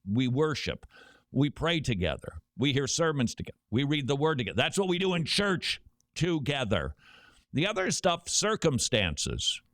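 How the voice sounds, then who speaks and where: A middle-aged man hosting a talk radio show, telling stories with quick joking asides. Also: medium pitch, sing-song, fairly bright tone, no echo, studio quality.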